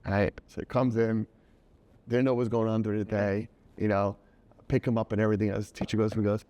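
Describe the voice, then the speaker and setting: A man's voice: lowish voice, fairly quick. A middle-aged man telling a personal story in a casual interview, acting out the people he quotes. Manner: animated, acts out quoted voices. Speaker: guest, children's book author.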